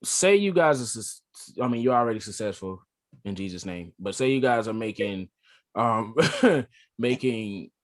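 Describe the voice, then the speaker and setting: Low-voiced man chatting casually. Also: animated, moderate pace. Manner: laughs easily, asks questions. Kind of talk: casual chat.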